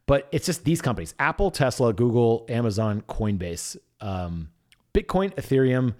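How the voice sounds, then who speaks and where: A young man telling a story in a casual monologue, with a voice that rises and falls a great deal. He drops into quiet asides and then bursts out in excited shouts. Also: medium pitch, moderate pace.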